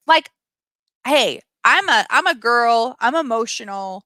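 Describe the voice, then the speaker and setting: A middle-aged woman hosts a casual live stream and reads out comments from viewers. Her voice sits a little high and sounds bright and forceful, and her delivery is emphatic and opinionated. The recording is dry, with almost no room sound. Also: animated, a little slow, no room sound.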